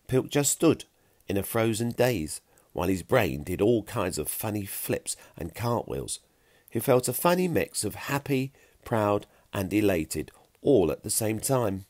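A man narrating a children's story with a gentle, expressive reading. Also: low-pitched, unhurried, dry recording.

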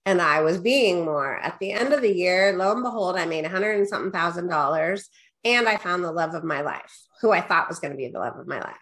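A middle-aged woman, a guest business coach, telling her story casually in an interview and acting out her own past lines. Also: fairly quick. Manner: animated storyteller, quotes herself with rising pitch; peppers talk with "right?" and "da, da, da".

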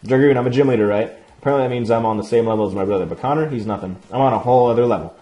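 A man's voice: medium pitch, rapid-fire, dark tone, highs cut off, natural voice. A man reading aloud the lines of a cocky young female gym leader in a video game, brash and taunting. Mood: boastful.

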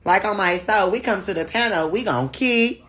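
A woman hosting a casual live stream, chatting with viewers. She laughs often, swears freely and teases in a loud, playful way. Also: medium pitch, normal speed.

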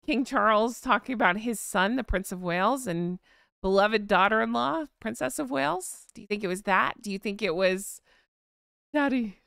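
A woman's voice: mid-range voice, gravelly, fairly bright tone, dry recording, clean studio sound. A woman with a Southern US accent, hosting a casual live-stream chat in a gossipy, giggly way. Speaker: host.

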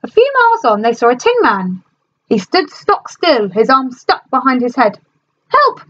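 Lively woman teacher reading a story. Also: fairly high pitch, normal speed, muffled recording. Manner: animated, expressive storyteller. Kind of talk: reading a storybook aloud to a class.

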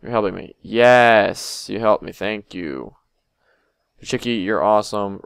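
Crude excitable young man gaming. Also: lowish voice, unhurried, creaky, smooth, no room sound, studio quality. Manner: crude, excitable, talking to the game. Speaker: gamer. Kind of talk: let's play commentary.

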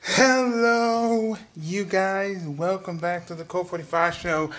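A man's voice: high-pitched, fairly even intonation, slow, fairly bright tone. A young man hosting his own vlog, ranting heatedly and repetitively straight at his viewers. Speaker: vlog host.

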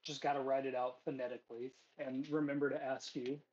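A man narrating a tabletop game as game master, in a casual, halting way. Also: mid-range voice, flat delivery, a little mellow, highs cut off. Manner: casual, hesitant, with fillers.

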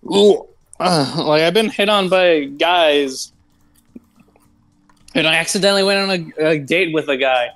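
A man's voice: a little high, a little slow, long pauses, a bit bright. A man co-hosting a live stream, telling a story in a rambling, profane way full of fillers. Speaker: stream co-host. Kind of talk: casual live-stream chat.

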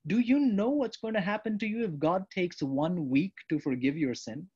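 A man preaching a sermon to a congregation, animated, acting out the prayers and replies he quotes. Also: sits high, moderate pace, slightly rough. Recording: dull lo-fi sound.

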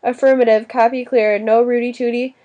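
A woman's voice: on the high side, level tone, brisk, warm tone, dull audio, natural voice. A woman reading the part of a chatty, joking drive-in intercom voice in an audiobook, full of radio slang. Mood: breezy.

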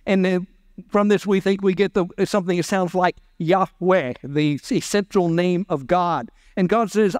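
A man's voice: sits high, normal speed, darkish tone, clear, resonant tone, no room sound, clean studio sound. A man preaching a sermon as pastor, acting out the voices of scripture characters. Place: church.

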